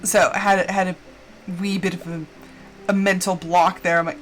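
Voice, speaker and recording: A woman's voice: on the low side, flat delivery, moderate pace, soft background music. A woman livestreaming a game, telling a rambling story in casual chat with lots of fillers and playful drama. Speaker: livestreamer playing a farming game. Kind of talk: casual chat while gaming.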